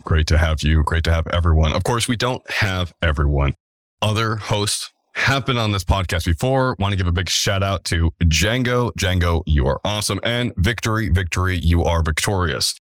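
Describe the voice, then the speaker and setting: A man's voice: low-pitched, moderate pace, no room sound, clean studio sound. A man hosting a casual podcast, talking in a playful, jokey, upbeat way. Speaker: podcast host.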